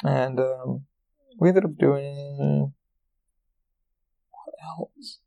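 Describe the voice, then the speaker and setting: A man's voice: mid-range voice, extremely slow, gravelly, dark tone, muffled recording, faint music behind. A podcast host, a man telling a casual, rambling story with lots of swearing and fillers. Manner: rambling, profane, full of fillers.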